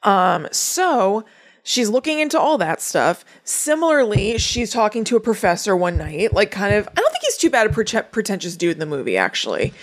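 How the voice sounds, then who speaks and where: Podcast co-host, woman, relaxed storytelling, recaps plots with casual asides. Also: medium pitch, moderate pace. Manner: chatty, summarizing plot with asides. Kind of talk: casual chat recapping a movie.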